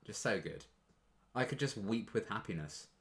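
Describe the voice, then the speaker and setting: A man's voice: fairly low pitch, animated, moderate pace. A young man chatting casually in a reaction video, rambling and gushing with restarts and fillers.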